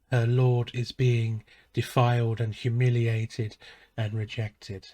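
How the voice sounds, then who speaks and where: A man preaching a sermon as a pastor, measured and solemn, pausing softly between phrases. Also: mid-range voice, little pitch movement. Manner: slow, measured and solemn, with soft pauses.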